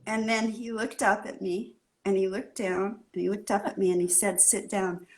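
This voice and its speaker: A Californian woman, appearing as a guest artist in a casual interview, tells her story animatedly and acts out the scene. Her voice sits in the mid-range and moves at a moderate pace.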